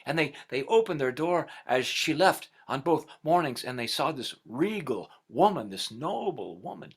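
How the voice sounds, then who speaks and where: A middle-aged man telling a folktale aloud, expressive and swinging from whispers to loud passages. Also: fairly high pitch, normal speed, husky. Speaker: storyteller.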